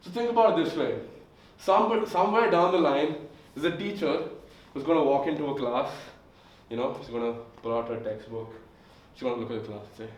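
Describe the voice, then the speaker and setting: A man's voice: a little high, a little fast, slight background noise. A sick young man doing stand-up comedy in a rambling, filler-heavy way. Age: young adult. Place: comedy club stage, indoors. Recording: echoey room heard from far off.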